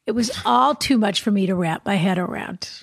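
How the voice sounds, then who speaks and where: A woman's voice: medium pitch, a little fast, vocal fry, no room sound, studio quality. A woman co-hosting an advice podcast, chatting playfully, laughing easily and reading a listener's letter aloud. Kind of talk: casual chat and letter reading.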